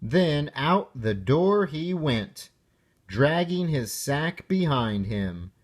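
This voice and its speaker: Slow, expressive man reading a picture book. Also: on the high side. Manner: expressive, lingering on sound words. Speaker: narrator. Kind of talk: children's picture book read-aloud.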